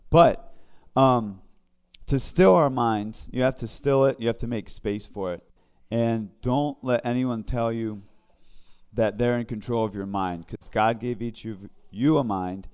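A man leading an informal Bible study, talking in a conversational, halting way with many fillers and restarts. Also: mid-range voice, a little mellow, smooth. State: briefly emotional. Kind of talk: informal devotional teaching.

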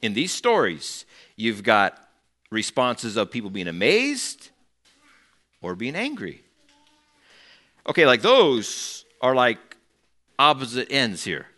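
Male preacher, animated storyteller who acts out quotes, bright edge to the voice. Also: mid-range voice, slow, long pauses. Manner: conversational asides to the congregation. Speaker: pastor. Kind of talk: sermon.

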